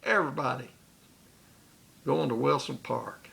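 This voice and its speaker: A man's voice: mid-range voice, a little slow, vocal fry, a bit bright. A man recounting a personal memory in a rambling way, with restarts and asides. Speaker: storyteller.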